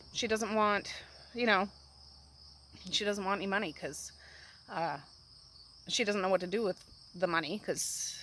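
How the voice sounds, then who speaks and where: Brief: chatty female book host, casual rambling recap, mid pitch. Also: a little hiss or hum, rough recording. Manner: rambling, chatty, animated storytelling.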